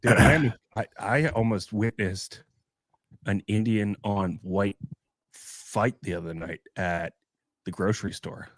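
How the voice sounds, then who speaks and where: A man's voice: fairly low pitch, unhurried, no room sound, studio quality. A man co-hosting a podcast in casual chat, a laid-back storyteller who acts out the people in his stories. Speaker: podcast co-host.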